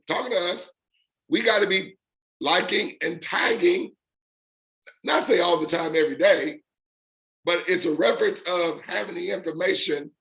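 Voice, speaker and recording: A man hosting a live talk for his online business community, emphatic and repeating points in punchy lists, with drawn-out stresses on key words. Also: fairly high pitch, vocal fry, fairly bright tone.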